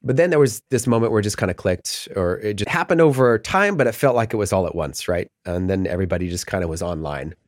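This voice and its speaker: A man's voice: on the low side, expressive, quick pace, few pauses, no echo, studio quality. A middle-aged man talking as a podcast guest in casual, rambling chat, often laughing mid-sentence.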